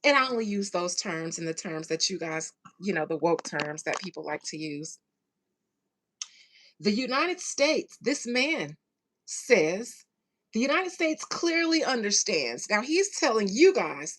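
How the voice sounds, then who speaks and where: With a medium pitch, big pitch swings, and a fairly bright tone, a woman host speaks to her viewers in a casual commentary rant. Her sarcastic, slangy delivery includes mild profanity and long, heavy stresses on key words.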